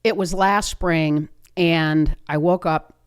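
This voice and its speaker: A woman's voice: low-pitched, fairly even intonation, takes it slowly, smooth. A woman in her fifties hosting a podcast, telling a personal story in an earnest, conversational way with frequent restarts. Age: 50s. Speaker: podcast host.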